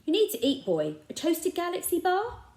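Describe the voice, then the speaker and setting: A woman voicing a kindly, eccentric adult male shopkeeper with a gentle, earnest manner. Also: very high-pitched, huge pitch swings, normal speed, pitched above the performer's own voice, heavily acted. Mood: coaxing. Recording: echoey room.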